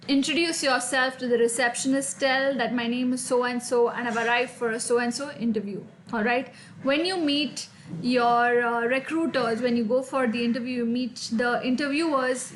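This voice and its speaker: A woman's voice: high-pitched, a bit bright, slight background noise. A woman coaching viewers on interview communication, talking straight to them in an upbeat way and checking in with "all right?". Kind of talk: direct-to-camera career advice lesson.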